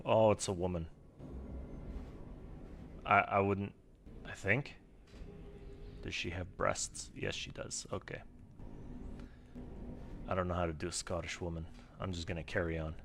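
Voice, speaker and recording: A man streaming a game and chatting casually in quiet, mumbled asides to himself. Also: low-pitched, level tone, unhurried, vocal fry, pauses often. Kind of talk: casual gameplay chat.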